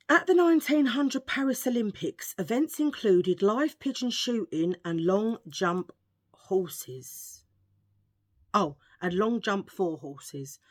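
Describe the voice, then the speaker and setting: A woman's voice: medium pitch, darkish tone, slightly rough, no echo, clean studio sound. A woman with an English accent, chatting casually and cracking jokes for her viewers, a bit under the weather. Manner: chatty, joking, cheeky asides. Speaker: vlogger. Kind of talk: casual chat.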